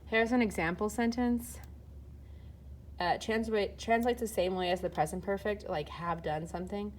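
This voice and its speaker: This recorded lesson features a woman with a mid-range voice and a moderate pace teaching Spanish grammar. She goes step by step, casual and filler-heavy, while filming and typing, with a slight hiss or hum audible.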